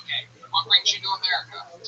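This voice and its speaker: A man hosting a comedy show, roasting comics in a crude, mocking way that swings between whispers and shouts. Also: high voice, little pitch movement, fast. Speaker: show host. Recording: distant, dull sound with music.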